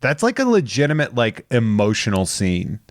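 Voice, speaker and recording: A man co-hosting a podcast, chatting about a holiday special in a relaxed, laughing way. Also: mid-range voice, normal speed, no echo, clean studio sound. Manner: relaxed, laughing, acts out quotes. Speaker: podcast co-host. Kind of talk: casual movie discussion.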